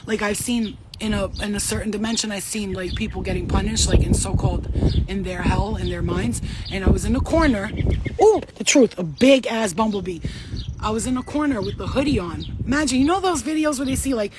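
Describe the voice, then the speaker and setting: A woman's voice: mid-range voice, fairly quick, very noisy. A woman talking to her viewers in a casual spiritual pep talk, blunt, fired-up and full of profanity and slang, while outdoors walking her dog. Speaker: spiritual reader.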